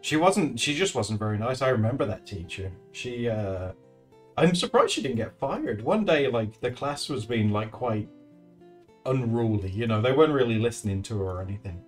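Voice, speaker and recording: A man chats casually on a live stream as he draws, telling stories and thanking viewers with frequent laughs. His pitch swings widely as he talks, and soft guitar music plays faintly underneath. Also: animated, moderate pace. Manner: chatty storyteller, laughs often, thanks viewers. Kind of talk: casual chat while drawing.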